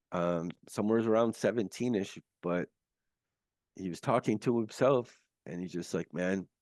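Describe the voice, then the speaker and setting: A man with a lowish voice recounts something profound that happened to him. He talks earnestly, stumbling and restarting as he searches for words. The sound is dry and close, like a video call. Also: darkish tone, dry recording. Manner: earnest, halting, many restarts. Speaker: guest. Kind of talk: recounting a near-death experience.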